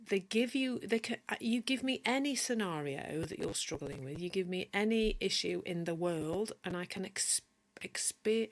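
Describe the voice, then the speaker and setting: A woman from Yorkshire with a mild Yorkshire accent, giving a chatty live-streamed teaching talk as a coach and answering viewer comments as she goes. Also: lowish voice. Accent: mild Yorkshire English. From Yorkshire, northern England. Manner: many restarts and self-corrections.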